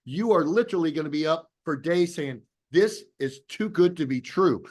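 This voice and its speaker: A man's voice: on the high side, animated, moderate pace, darkish tone. A man giving a motivational talk to an audience over a video call, telling a story and acting out both sides of remembered conversations. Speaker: business opportunity presenter.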